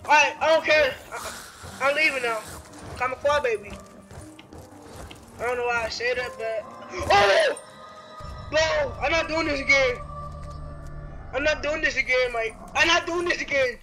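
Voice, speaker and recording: A man giving rambling, excitable let's-play commentary, yelping and shouting at the game. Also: very high voice, a little slow, pauses often, over music. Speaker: gameplay commentator.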